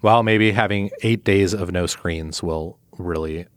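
A man's voice: sits low, unhurried, dry recording. A man co-hosting a podcast in casual chat, tossing in dry, sarcastic jokes. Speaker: podcast co-host.

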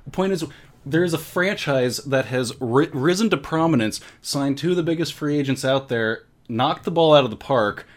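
A man co-hosting a casual sports podcast, talking in a fast, emphatic, animated way. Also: mid-range voice. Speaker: podcast co-host.

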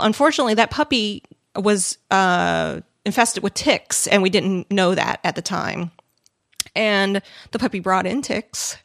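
A woman's voice: medium pitch, fairly bright tone, no room sound, clean studio sound. A woman hosting a weekly podcast, rambling casually and laughing often. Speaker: podcast host.

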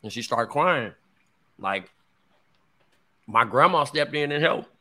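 Bright-voiced man telling a candid story. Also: mid-range voice, lively intonation, slow. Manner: candid storytelling, heavy slang and profanity. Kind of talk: casual chat.

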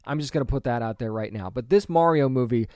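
A man's voice: medium pitch, quick pace, darkish tone, clear, resonant tone, no echo. A man in his thirties or forties giving opinionated solo commentary, emphatic and conversational, with lots of rhetorical questions. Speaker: pop culture commentator.

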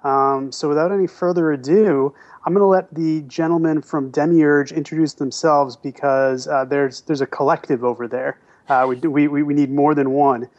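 A man's voice: fairly high pitch, steady tone, normal speed, hardly any pauses, a little mellow. Friendly man on a dull lo-fi line. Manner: friendly, loose. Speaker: editor guest co-host. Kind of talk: casual chat. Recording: dull lo-fi sound.

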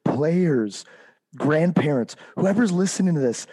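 A podcast co-host talks in a relaxed, casual way, tossing in teasing jabs and emphatic calls to the listeners. His voice sits at an ordinary pitch with a warm, mellow tone. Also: moderate pace.

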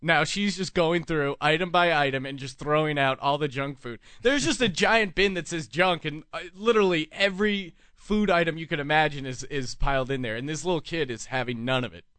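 A man's voice: on the high side, a little fast, hardly any pauses, a bit bright, smooth, no echo. Rambling, jokey young man hosting a talk show. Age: 20s. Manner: rambling, jokey storytelling with crude language. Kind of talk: casual live call-in show chat. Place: small studio.

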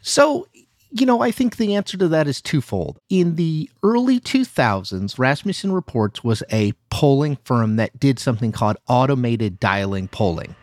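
A man, a journalist guest, explaining things in an animated, emphatic way and hedging with "you know.". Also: medium pitch, moderate pace. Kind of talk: conversational explanation.

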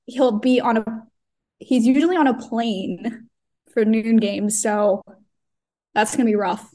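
A woman co-hosting a podcast, with a fairly high voice. She chats casually, laughs often and hesitates a lot. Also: measured pace, dark tone. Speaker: podcast co-host. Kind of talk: casual chat.

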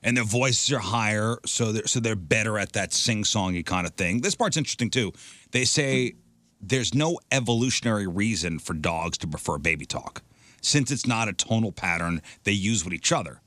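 A man's voice: fairly low pitch, animated, normal speed, pushed and bright, no echo. A man hosting a radio show, casually reading out odd news items and riffing on them with his co-hosts. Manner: chatty, reads stories then riffs.

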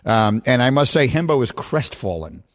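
A middle-aged man hosting a sports radio show, telling stories in a playful, animated way and laughing often. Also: medium pitch, moderate pace. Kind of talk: casual sports radio chat.

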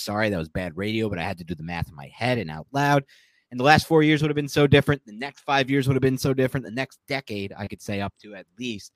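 A man co-hosting a sports podcast, talking casually in a rambling, animated way and often correcting himself mid-sentence. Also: mid-range voice, no echo. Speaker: podcast co-host.

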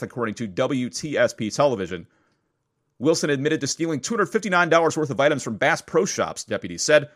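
A man's voice: mid-range voice, a bit bright. A man hosting a podcast, reading odd news stories with wry, sarcastic asides. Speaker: podcast host. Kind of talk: casual news roundup podcast.

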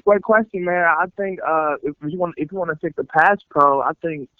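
A man who is a former football player and now a coach, answering interview questions in a relaxed way and thinking out loud. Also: a little high, brisk, clear, resonant tone, dry recording. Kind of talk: podcast interview. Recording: tinny dry phone line.

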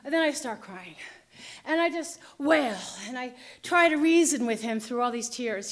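High-voiced woman telling a dramatic story. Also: lively intonation, moderate pace. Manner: vivid, dramatic retelling, shifting between hushed and shouting. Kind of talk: personal storytelling.

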